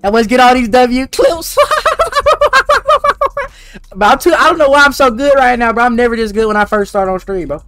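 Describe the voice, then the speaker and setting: Fast-talking young male game streamer. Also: very high-pitched, a bit bright, clear, resonant tone, dry recording, studio quality. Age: young adult. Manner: fast-talking and slangy, teasing viewers. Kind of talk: casual gaming livestream chat.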